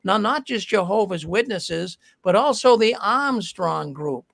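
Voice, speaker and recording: A man hosts a call-in talk show, greeting his guests in a loose, friendly ramble that keeps restarting its sentences. His voice sits high and has a gravelly, fried edge. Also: lively intonation, measured pace, fairly bright tone. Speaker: show host. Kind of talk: casual call-in show hosting.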